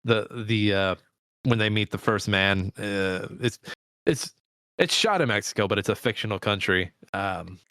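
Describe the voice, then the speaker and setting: Crisp, bright-voiced man in casual chat. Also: fairly low pitch, dry recording, clean studio sound. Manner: rambling, halting restarts, quick asides. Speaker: podcast co-host.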